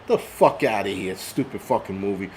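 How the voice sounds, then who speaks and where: A man's voice: lowish voice, normal speed, a little mellow, slight background noise. A middle-aged man hosting a live stream, ranting profanely and reading chat comments aloud, a little tipsy from liquor. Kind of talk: casual live stream rant.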